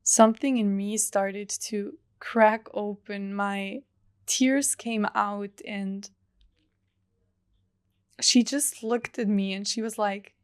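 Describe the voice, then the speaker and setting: Young female podcast host, earnest and unhurried, dry close sound. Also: mid-range voice, steady tone, clear, resonant tone, no room sound. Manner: soft, earnest, heartfelt, with drawn-out pauses. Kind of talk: reflective solo podcast monologue.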